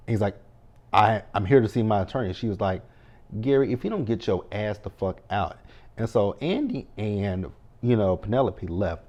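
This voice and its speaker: Guy with a low warm voice doing a casual tv recap, swears a lot, talks back at the characters. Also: highs cut off. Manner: blunt, profane running commentary. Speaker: TV show recapper.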